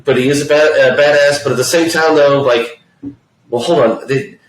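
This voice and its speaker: A man's voice: a little high, moderate pace. Profane ranting man, roomy distant sound. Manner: profane, ranting, animated complaining. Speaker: podcast co-host. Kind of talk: casual movie review chat. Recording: roomy echo, distant mic.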